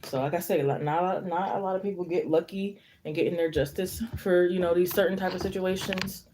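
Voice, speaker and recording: A young woman talks casually to her live-stream viewers as a tarot reader. Her voice is soft and mellow, and she rambles from story to story, padding her speech with fillers. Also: lowish voice, fairly even intonation, fairly quick.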